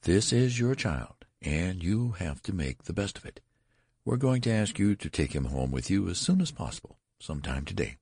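A man's voice: rumbling low, very animated, moderate pace, gravelly, slightly rough, no echo, studio quality, heavily acted. A man voicing a severe female hospital nurse who speaks curtly and sternly. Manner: severe, curt.

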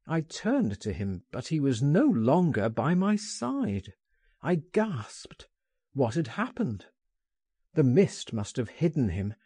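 Here a man reads an audiobook in a measured, expressive storytelling manner, his mid-range voice carrying a breathy edge. It's studio quality with no echo.

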